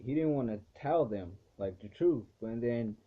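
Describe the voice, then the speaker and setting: A man's voice: medium pitch, expressive, normal speed. Rambling man recapping over tinny audio. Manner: rambling, heavy use of "like" fillers, frequent swearing. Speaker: anime episode reviewer. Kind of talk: casual episode recap.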